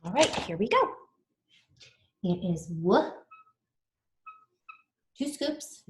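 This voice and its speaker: A woman's voice: mid-range voice, sing-song, drawn-out words, reverberant. A woman teaching a spelling lesson to children, patiently sounding words out letter by letter.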